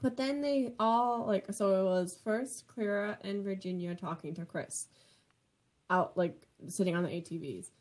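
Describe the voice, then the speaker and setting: A woman's voice: medium pitch, a little slow, a little mellow. A woman chatting casually, retelling an exchange with lots of filler words and quoted asides. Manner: storytelling with many "like" fillers, quoting herself. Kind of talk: casual podcast chat.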